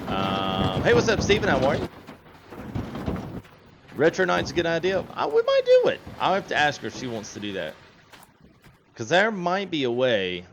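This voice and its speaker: Man hosting a game stream, lively up-and-down voice, game noise behind him. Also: mid-range voice. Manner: chatty, laughs often, reads chat aloud. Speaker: gaming livestream host. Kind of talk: casual livestream chat.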